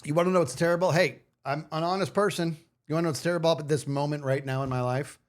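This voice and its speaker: A man's voice: on the high side, steady tone, quick pace. A man streaming live, chatting casually with his viewers in a playful, self-mocking way. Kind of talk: casual livestream chat.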